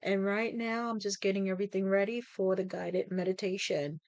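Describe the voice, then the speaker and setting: A woman leading a guided meditation, speaking in a gentle, soothing, instructive way. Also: mid-range voice, steady tone, moderate pace, dry recording. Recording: music playing behind the voice. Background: new-age music.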